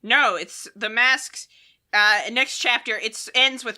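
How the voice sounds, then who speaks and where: A young woman co-hosting a podcast, chatting casually in a playful, animated way and laughing often. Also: a little high, measured pace. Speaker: podcast co-host. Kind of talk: casual chat.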